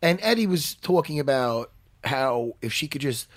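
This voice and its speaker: Animated husky-voiced male podcast host. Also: mid-range voice, moderate pace. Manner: playful, excitable, talks through martial arts technique. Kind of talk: casual podcast chat.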